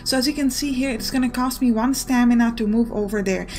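Quick-talking young woman explaining a game. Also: on the high side, a little mellow. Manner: quick, explanatory, filler-heavy talk. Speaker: let's play host. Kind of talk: gameplay commentary. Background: faint game music.

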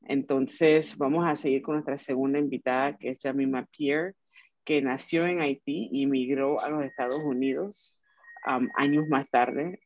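A woman's voice: very deep voice, darkish tone, no echo, dull audio. A woman moderating an online panel and switching between two languages, hesitant and full of filler sounds. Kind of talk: bilingual moderation.

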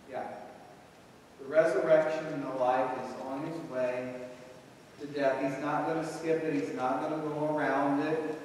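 A man preaching a slow, reflective sermon, as pastor, with long pauses. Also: a little high, darkish tone, distant mic, slight background noise. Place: large church sanctuary. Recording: echoey church hall from afar.

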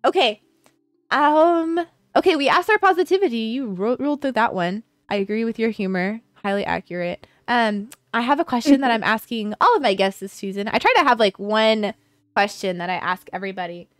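A woman's voice: a little high, animated, dry recording, clean studio sound, soft background music. Bubbly young woman hosting a stream. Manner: bubbly, giggly, quick to exclaim. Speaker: streamer hosting a guest interview. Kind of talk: casual chat. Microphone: home streaming microphone.

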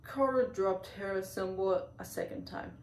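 A woman reads a children's storybook aloud, occasionally stumbling and restarting on words. Her mid-range voice is a little slow. She's far from the mic in an echoey room, with faint hiss.

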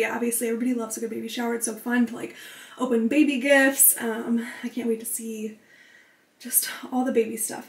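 A young woman chatting to the camera in a casual home vlog, a little out of breath, bubbly and full of fillers. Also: on the high side. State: out of breath from pregnancy. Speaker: vlogger. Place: home, indoors. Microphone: camera mic. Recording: echoey room.

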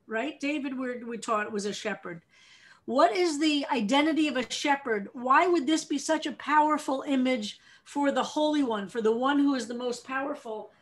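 An American woman rabbi teaching a text study class, explaining lively and asking her students questions. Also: high-pitched.

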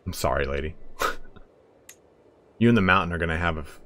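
A man casually commenting on a strategy game he is playing, chatty and excitable, often laughing. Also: low-pitched, brisk. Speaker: let's play streamer.

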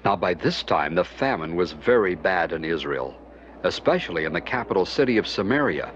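Animated male children's story narrator. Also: deep voice, a little fast, slight background noise. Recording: dull lo-fi with music behind.

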